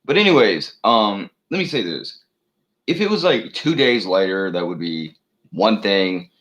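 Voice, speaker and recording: A man with a deep, low voice rants on his own channel, cursing freely and circling back on himself. He stumbles through fillers and restarts as he talks. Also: big pitch swings, measured pace, a bit bright, low-quality recording. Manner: profane, meandering, many fillers and restarts. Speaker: channel host. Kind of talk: rambling solo rant.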